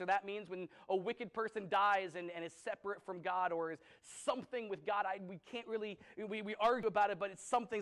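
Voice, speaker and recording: A man's voice: sits high, fairly bright tone, low-quality recording. A man preaching a sermon as pastor, conversational and emphatic, often repeating himself for stress.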